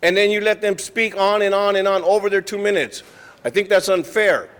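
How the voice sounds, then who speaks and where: A man with a fairly high voice lectures the council in a firm, complaining tone during public comment. He speaks into a podium microphone, and the council chamber adds a long reverberant tail to his words. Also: a little fast, fairly bright tone.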